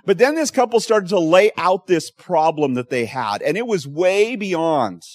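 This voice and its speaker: A man's voice: high-pitched, big pitch swings, measured pace, darkish tone, no room sound, studio quality. A middle-aged man, a pastor, preaching a sermon and telling stories conversationally, with frequent restarts and emphatic bursts. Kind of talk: expository sermon.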